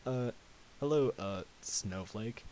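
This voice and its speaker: A man's voice: mid-range voice, slow pace, a little mellow, natural voice. A man voicing an earnest, anxious young female unicorn pony in a storybook reading. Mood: puzzled. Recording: faint tape hiss.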